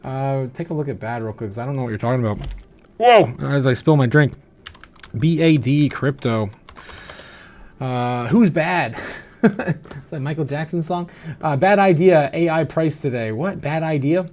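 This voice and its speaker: He hosts a crypto livestream, casually going through viewer comments with lots of "uh" and plenty of laughter, a little tipsy and slightly slurred. The voice sits on the high side, somewhat mellow, at a moderate pace.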